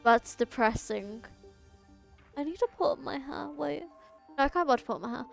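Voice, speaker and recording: Young female game streamer, bright high register, casual and self-mocking, soft music underneath. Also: animated, fairly quick, creaky, long pauses. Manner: chatty, stumbles over long words, laughs at herself. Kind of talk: casual chat while reading game dialogue aloud. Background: faint game music.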